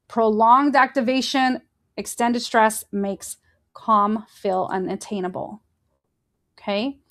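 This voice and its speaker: A woman hosting a faith-based motivational podcast, talking earnestly and encouragingly straight to her listeners and gently guiding them through breathing exercises. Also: a little high. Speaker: podcast host.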